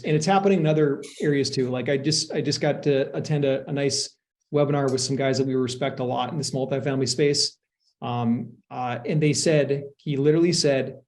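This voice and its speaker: A man's voice: mid-range voice, brisk, a little mellow. A man who is a real estate investment sponsor, answering interview questions earnestly, explaining at length with frequent restarts.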